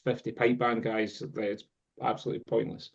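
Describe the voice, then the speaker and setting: A man's voice: medium pitch, little pitch movement, a little fast, vocal fry, slightly rough. Scottish guy rambling thru a story, lots of ums, kinda muffled lo-fi audio. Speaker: guest drum teacher. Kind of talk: casual chat. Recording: dull lo-fi sound.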